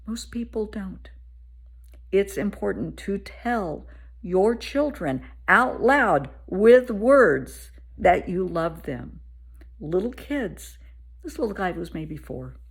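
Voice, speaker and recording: A woman in her fifties, a therapist, telling an everyday story to camera in an animated, earnest way. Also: medium pitch, takes it slowly, gravelly, slightly rough. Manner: animated, warm-hearted storyteller.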